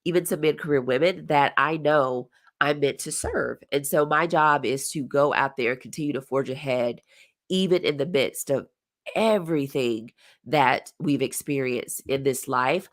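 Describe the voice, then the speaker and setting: A woman in her forties with a notably low voice speaks as a career coach on a live stream. She talks earnestly and from the heart, circling back to repeat key phrases for emphasis. Her delivery is a motivational talk aimed straight at her viewers. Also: moderate pace.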